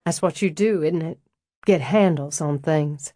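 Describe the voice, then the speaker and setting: Narrator doing frank older Southern lady, low voice, blunt and dry, audiobook. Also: measured pace, mellow, no room sound. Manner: blunt and dryly amused. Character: frank, wry, elegant older Southern woman estate owner.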